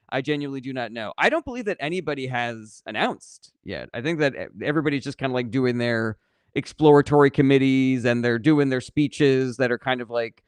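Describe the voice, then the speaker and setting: A man's voice: mid-range voice, clear, resonant tone, dry recording. A young man from California hosting a live stream, reading viewers' comments aloud and answering them bluntly, with sarcasm and casual swearing. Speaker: livestream host answering viewer questions.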